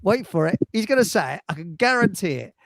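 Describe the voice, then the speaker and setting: Cheeky rambling English stream host. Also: male voice, high voice, sing-song, fast talker, gravelly, a bit bright, no echo, poor audio. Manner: rambling, cheeky, laughs at own jokes, swears. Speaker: livestream host. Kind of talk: casual chat.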